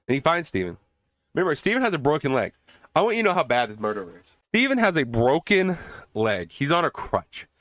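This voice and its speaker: Reviewing a movie on his podcast, this man sounds exasperated as he recaps it casually, cursing for emphasis and frequently starting his sentences over. His mid-range voice is a bit bright, with no room sound.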